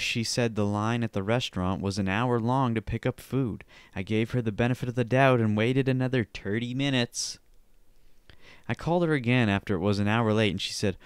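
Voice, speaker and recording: Smooth-voiced man reading posts aloud. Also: medium pitch, normal speed, dry recording, clean studio sound. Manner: offhand, mumbling asides, sudden loud silly outbursts. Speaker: podcast host. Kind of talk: casual solo podcast, reading posts aloud.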